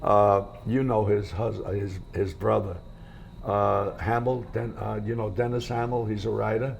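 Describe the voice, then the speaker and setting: Older male actor guest, low gravelly voice, rambling anecdotes with quoted voices, faint hiss. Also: flat delivery, normal speed. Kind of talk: casual interview storytelling. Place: hotel room.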